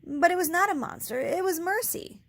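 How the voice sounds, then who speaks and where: A woman's voice: extremely high pitch, normal speed, pitched above the performer's own voice. A woman reading a storybook aloud, voicing a nervous younger sister who stammers and frets. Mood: timid fretful. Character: timid, fretful younger sister.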